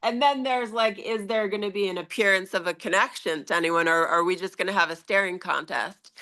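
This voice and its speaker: A woman's voice: medium pitch, a little fast, bright, forceful tone. A woman in a casual group chat on a video call, talking freely with fillers and laughter. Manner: chatty, frequent laughs and fillers. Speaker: meeting participant.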